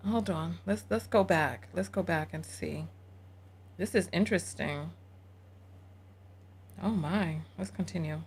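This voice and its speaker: A woman's voice: fairly low pitch, unhurried, pauses often, darkish tone, breathy edge. A woman hosting a live reaction stream, chatting with her viewers and voicing her disbelief. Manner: chatty, talks to viewers as y'all, incredulous.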